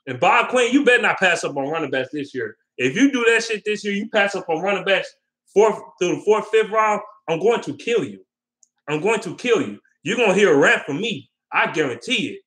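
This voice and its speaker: This one is a vlogger's casual sports rant, full of swearing, repeated points, and answers to viewer questions. The man's voice is fairly high and a bit bright, and his delivery is heated throughout.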